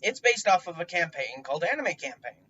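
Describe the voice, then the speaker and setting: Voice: mid-range voice, big pitch swings, fairly quick, a bit bright, a little hiss or hum. A tabletop game player casually giving advice in a rambling way, full of fillers, restarts and the odd swear word. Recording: dull distant recording.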